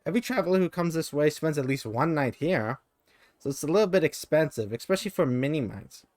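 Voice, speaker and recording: A man's voice: a little high, animated, brisk, a little mellow, dry recording, clean studio sound, pitched above the performer's own voice, natural voice. A man voicing a tiny, chirpy green winged mini mite who is eager and impatient, while reading a gamebook aloud.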